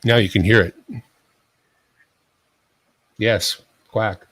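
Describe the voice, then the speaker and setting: A man's voice: fairly low pitch, steady tone, very slow, a bit bright, dry recording, low-quality recording. A man hosting a casual live stream, commenting in a joking, self-mocking, chatty way. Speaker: livestream host.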